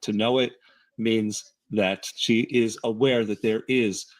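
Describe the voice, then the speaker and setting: A man's voice: on the low side, fairly even intonation, slow, no room sound. A man breaking down a speaker's wording point by point while reviewing video clips on a livestream. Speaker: statement analyst.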